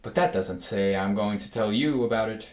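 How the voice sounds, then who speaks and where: A man voicing a sly, soft-spoken house cat in a storybook. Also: fairly low pitch, normal speed, reverberant, lightly acted.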